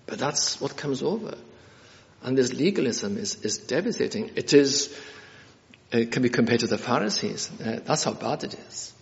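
Man preaching a sermon, gravelly voice, earnest and halting, long hall reverb, dull lo-fi sound. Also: medium pitch, lively intonation. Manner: earnest, halting delivery with many fillers and restarts.

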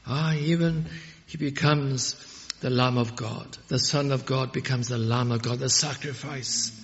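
A man's voice: medium pitch, fairly even intonation, measured pace. Fervent male preacher in a reverberant hall. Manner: fervent, rising to loud emphatic peaks on scripture quotes. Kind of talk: sermon. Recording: muffled audio with long hall reverb.

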